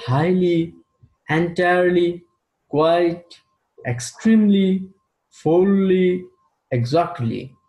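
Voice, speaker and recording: A male English grammar teacher lectures in a slow, deliberate manner and repeats his key terms. His voice is mellow and sits a little high. The recording carries a roomy echo.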